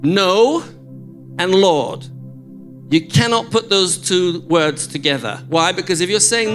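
A man's voice: high voice, very animated, measured pace, pauses often, fairly bright tone, faint music behind. An older man preaching as a guest in a church, chatty and enthusiastic, joking with the congregation and teaching a song. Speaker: guest preacher and worship leader.

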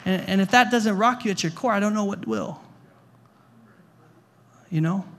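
A man's voice: sits high, normal speed. A male pastor preaching a sermon to a congregation in a conversational way, repeating words and asking the room questions. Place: church hall before a congregation.

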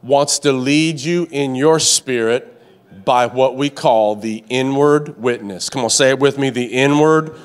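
A man's voice: medium pitch, measured pace, smooth. A male pastor preaching a sermon to a congregation in a church, with a repetitive cadence, call-and-response prompts and stammering restarts when worked up. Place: church sanctuary with live and online congregation.

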